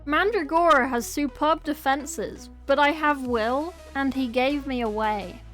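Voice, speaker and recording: A woman's voice: high voice, a little slow, fairly bright tone, faint music behind. A woman reading aloud and voicing a boastful, gloating ancient male schemer in a storybook reading. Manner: gloating, theatrical.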